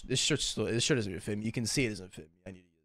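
A man's voice: lowish voice, very fast, a bit bright, dry recording. Tired young man rambling with cusses. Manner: rambling, heavy cussing, self-deprecating. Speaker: YouTuber. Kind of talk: casual unedited vlog chat.

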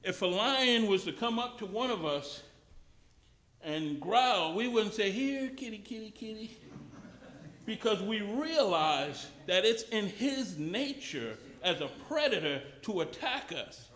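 Preacher with a high voice, talky sermon delivery, repeats himself as he builds. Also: very animated, unhurried, a bit bright. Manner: conversational, repeats and restarts phrases. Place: mission chapel service.

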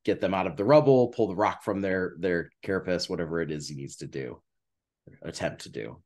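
Male player, lowish voice, halting, feels his way through each line. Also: darkish tone. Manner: hesitant, lots of fillers and restarts. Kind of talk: casual play with in-character speech.

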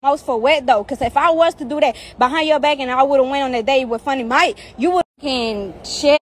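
High-voiced woman in a profane, heated rant. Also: fairly quick. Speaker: social media personality. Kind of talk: angry rant to followers. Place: outdoors.

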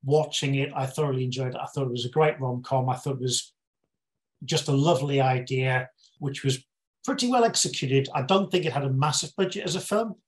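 A man from the UK with a British accent, a guest reviewing a film in a casual interview, speaking in a measured, explanatory way. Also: medium pitch. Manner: measured, explanatory, plain-spoken.

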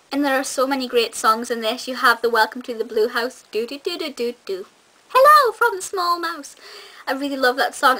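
A woman's voice: high voice, bright, forceful tone, rough recording. A young woman chatting enthusiastically to camera in a casual review, with frequent ums and restarts. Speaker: video reviewer.

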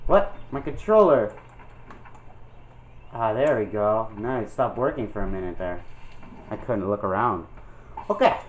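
A young gameplay commentator with a lowish, animated voice talks at a measured pace, pausing often. His casual let's-play commentary is full of jokes, yelps, and goofy voices. Game music plays through the dull lo-fi mic, with slight background noise.

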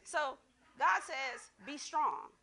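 Woman preacher, bright tone, fairly high voice, emphatic call-and-response sermon. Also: very slow. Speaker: guest preacher.

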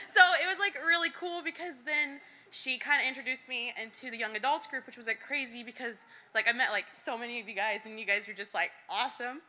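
A woman's voice: on the high side, fast talker, pushed and bright. A young woman nervously sharing a personal testimony before a church congregation, giggling and using lots of fillers. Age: young adult.

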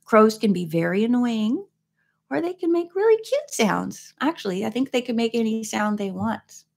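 A woman chatting casually between chapters of a read-aloud, rambling through gentle asides. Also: a little high, big pitch swings, normal speed, gravelly. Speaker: vlogger reading a book aloud. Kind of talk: casual chat.

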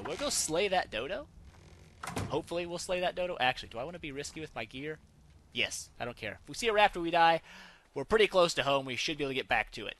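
A man's voice: on the high side, a bit bright. A man giving casual, jokey let's-play commentary on a survival game, breaking into panicky outbursts. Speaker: gaming YouTuber.

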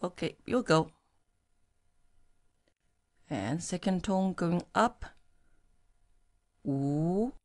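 A woman whose first language is Mandarin Chinese, teaching pinyin in English and slowly modelling tones for the learner to repeat. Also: fairly low pitch, expressive. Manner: slow, clearly modelled syllables. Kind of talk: language lesson with tone drills.

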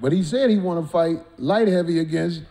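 A man hosting a comedy talk show, telling loud, animated stories and laughing often. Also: a little high, a little fast, reverberant. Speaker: host. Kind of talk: casual comedic banter.

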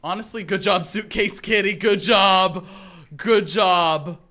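A man livestreams a game, chatting with viewers and thanking them for their support while he swings between muttering and shrieking. His voice sits high and moves slowly, with a bright, forceful tone. It's casual gameplay livestream chat.

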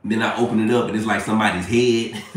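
A man's voice: fairly low pitch, steady tone, quick pace, distant mic, noisy background. A man hosting a casual live stream, chatting with viewers and laughing often. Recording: echoey room, away from mic.

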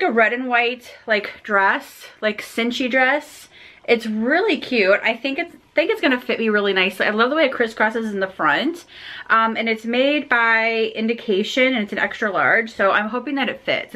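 A woman vlogger chatting casually as she opens fan mail, gushing and excited, rambling with fillers. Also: a little high, slight background noise.

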